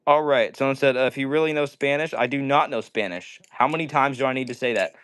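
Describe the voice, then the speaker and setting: A man's voice: medium pitch, fast talker, a bit bright, smooth. A man hosting a casual indoor livestream, joking around and reading viewer comments aloud. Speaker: livestream host. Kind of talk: casual live-stream chat.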